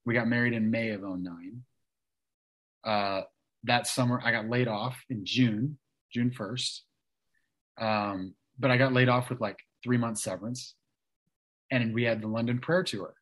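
A man's voice: medium pitch, steady tone, unhurried, long pauses, fairly bright tone, rough recording. A man in his thirties, a guest in an interview, telling his story casually with lots of restarts and "like" fillers. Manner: chatty, many restarts and "like" fillers.

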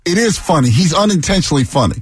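A man's voice: fairly high pitch, animated, fast, background noise. A man co-hosting a sports talk radio show, wry and emphatic. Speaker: radio co-host.

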